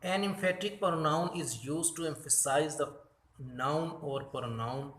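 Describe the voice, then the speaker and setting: A man teaching a grammar lesson from slides, speaking deliberately and correcting his own slips. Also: on the high side, fairly bright tone, roomy sound. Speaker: English teacher.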